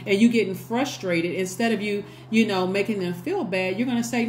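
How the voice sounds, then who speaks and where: A woman's voice: medium pitch, fairly quick, hardly any pauses, a little mellow, a little hiss or hum. A woman giving a casual tarot reading to her viewers, chatty and repetitive, often acting out little bits of dialogue. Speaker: tarot reader.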